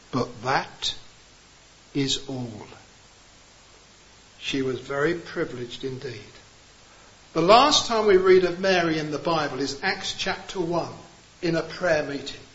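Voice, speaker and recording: A man preaching a sermon in a high, bright voice, talking at an unhurried pace. He climbs to emphatic peaks and then sinks low and slow on key words. The recording sounds a little muffled.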